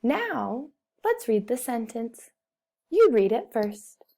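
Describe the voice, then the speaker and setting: A woman guides young children through a phonics lesson, saying each word deliberately and repeating it so they can follow. Her voice sits a bit high but sounds soft and mellow. She talks very slowly and patiently, like a teacher speaking to first graders. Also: big pitch swings, vocal fry. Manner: over-enunciates words and repeats them, speaks to children.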